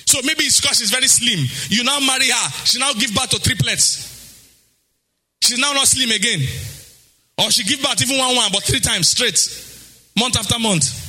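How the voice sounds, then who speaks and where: A Nigerian man preaching a sermon on relationships, in a sing-song style that breaks into acted quotes and bursts of shouting. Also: extremely high pitch. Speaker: pastor.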